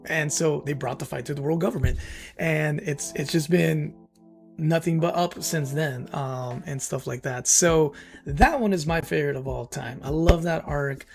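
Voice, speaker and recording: A man hosting a livestream, telling a story in casual, excited, rambling chat full of fillers and emotional outbursts. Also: fairly high pitch, normal speed, vocal fry, soft background music. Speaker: streamer and channel host.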